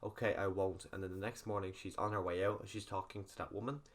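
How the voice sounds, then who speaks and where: A man's voice: on the low side, fairly even intonation, fast. A man casually recapping a film's plot in a rambling spoiler review, full of fillers. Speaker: film reviewer.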